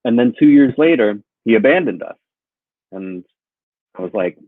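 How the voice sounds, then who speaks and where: A man doing a deadpan stand-up routine with dry punchlines, heard over a call. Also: medium pitch, normal speed, long pauses, dry recording. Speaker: comedian guest. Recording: tinny phone-like line.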